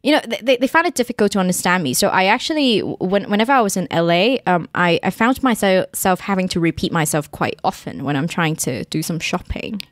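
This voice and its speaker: A young woman with a softened East Midlands English accent, a podcast guest talking casually and hesitantly, with many ums and restarts. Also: fairly low pitch, lively intonation, fairly quick, few pauses, dry recording, studio quality. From England. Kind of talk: casual interview chat.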